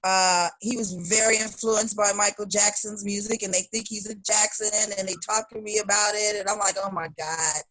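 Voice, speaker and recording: As a guest in a relaxed interview, a middle-aged Chicago singer animatedly performs her family's quoted lines. She talks at a medium pitch and moderate pace with hardly any pauses, on a dry recording.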